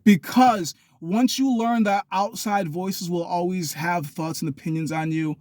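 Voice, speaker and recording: A man's voice: measured pace, dry recording. Chatty young man rambling on a vlog. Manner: animated, acts out yelling people with sudden high shouts. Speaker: vlogger.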